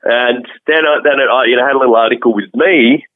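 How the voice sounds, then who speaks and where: A musician being interviewed, chatting casually and rambling with many restarts. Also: male voice, medium pitch, fast talker, dry recording. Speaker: musician guest. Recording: tinny phone-like call audio.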